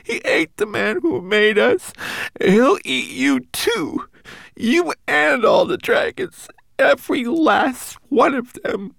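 A man voicing a small, timid male homunculus servant in a high, quavering, pleading voice, as an audiobook character. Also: very animated, takes it slowly, vocal fry, fairly bright tone, no room sound, exaggerated voice. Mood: frightened, sobbing.

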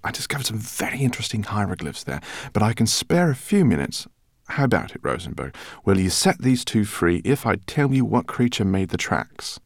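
Narrator guy doing a tall professor, calm and wry, low gravelly voice, lively intonation. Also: fairly quick, no echo, studio quality.

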